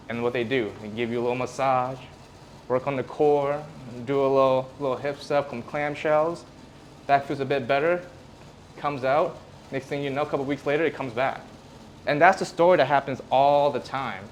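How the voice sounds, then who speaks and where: A man gives a casual physical therapy presentation to a live audience in a room. His voice sits at a middle pitch, and he talks in a relaxed, conversational way, acting out examples as he goes. Faint noise sits in the background.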